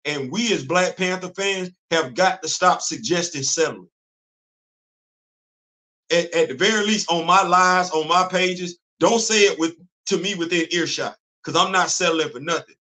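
A man's voice: high voice, normal speed, bright, forceful tone. A man, hosting a casual livestream and talking in an emphatic, repetitive way, often laughing. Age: 50s. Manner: emphatic, preachy, repeats phrases, laughs often. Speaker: livestream host. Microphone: computer mic on a streaming setup.

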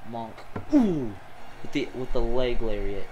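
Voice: medium pitch, unhurried, a little hiss or hum, rough recording. A gamer calling a wrestling video game match play by play, exclaiming often and talking to the wrestlers on screen. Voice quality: excitable, full of gasps and "oh"s.

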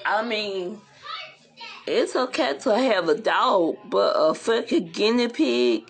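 A woman's voice: mid-range voice, creaky. A woman ranting bluntly and profanely in a casual livestream, rambling from one complaint to the next.

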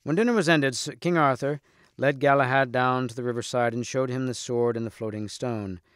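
A man reading a storybook aloud in a measured, expressive way. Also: mid-range voice, clean tone, no room sound, studio quality. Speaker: reader.

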